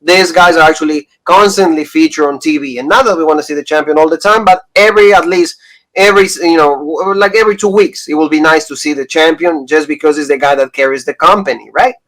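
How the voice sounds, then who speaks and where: Male podcast host, slightly high voice, casual recap style, lots of fillers. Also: fairly bright tone, poor audio. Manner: loose, filler-heavy talk with quick recaps. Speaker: wrestling show host.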